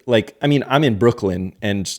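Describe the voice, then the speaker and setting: A man's voice: on the low side, normal speed, a little mellow. A man co-hosting a podcast in casual chat, rambling and hedging with lots of filler words. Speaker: podcast co-host.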